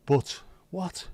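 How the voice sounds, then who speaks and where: A man's voice: warm tone, no room sound. A man hosting a livestream, chatting casually with viewers, rambling and musing aloud with plenty of swearing. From Wales. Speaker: livestream host.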